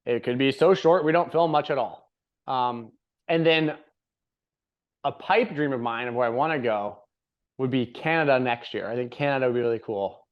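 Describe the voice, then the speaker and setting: A young man hosts a podcast, chatting casually in a rambling, upbeat way and laughing a lot. His voice sits in the mid range and moves at a moderate pace. The lo-fi recording sounds slightly dull.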